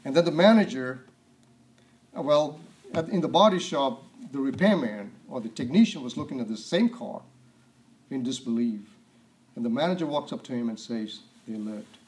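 A man preaching a sermon, reading scripture aloud, asking rhetorical questions and often clearing his throat. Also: medium pitch, animated, moderate pace, darkish tone.

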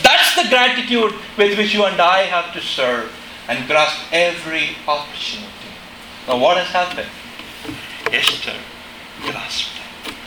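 A middle-aged man preaching a sermon in a chapel, impassioned, dropping to a hush and rising to shouts. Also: high-pitched, lively intonation, a little slow, reverberant, noisy background. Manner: impassioned, swings between hushed and shouting.

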